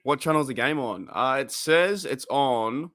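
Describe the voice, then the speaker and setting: A man's voice: medium pitch, moderate pace, a bit bright. Chatty Australian man hosting a live stream. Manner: chatty, rambling, reacts aloud to the game and laughs often. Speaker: livestream host of a football watch party. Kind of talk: casual live-stream chat.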